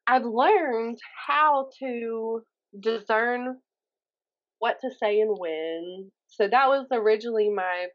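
A woman from Mississippi with a Southern accent, a YouTuber chatting as a guest on a podcast, animated and self-mocking, acting out the voices she quotes. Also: on the high side, takes it slowly, highs cut off. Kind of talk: casual podcast chat.

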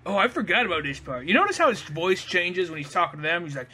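Bright, high-voiced man cracking crude jokes. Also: sing-song, fast, slightly rough. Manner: joking, profane, riffs on characters. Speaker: co-commentator. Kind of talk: crude comedic commentary on a film.

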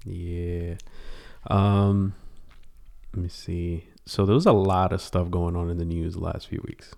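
Deep gravelly joking man. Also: steady tone, unhurried, a little mellow. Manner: joking, laughs often. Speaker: podcast co-host. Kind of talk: casual podcast chat.

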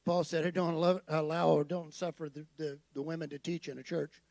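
Male preacher, gravelly, high-pitched, emphatic, dry close sound. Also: flat delivery, a little fast, darkish tone, no echo. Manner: conversational preaching, rising to emphatic declarations. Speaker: pastor. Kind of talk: sermon.

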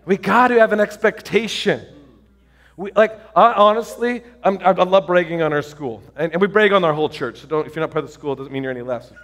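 Preaching from the pulpit, this man tells his stories with enthusiasm, often restarting and leaning on fillers. He speaks fast, in a high-pitched voice.

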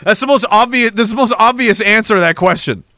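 A man's voice: sits high, fast talker, bright, forceful tone, no room sound. A man hosting a podcast, ranting in an angry, profane, sarcastic way. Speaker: podcast host.

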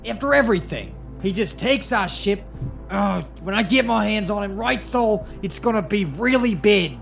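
A man voicing a brooding male ship captain who mutters slowly and mournfully. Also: sits high, animated, creaky, a bit bright, full character voice. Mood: grumbling. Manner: slow, mournful, muttering grumbles. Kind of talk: audio drama acting. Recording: music score playing underneath.

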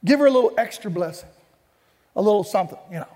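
A pastor voicing a generous, smitten landowner, speaking in a casual, reassuring way that repeats itself. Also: male voice, high-pitched, lively intonation, fast, warm tone. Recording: long hall reverb.

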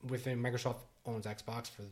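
Rambling dad podcaster. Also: male voice, medium pitch, little pitch movement, normal speed. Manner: rambling, many restarts and "like" fillers. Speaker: podcast co-host. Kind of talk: casual chat.

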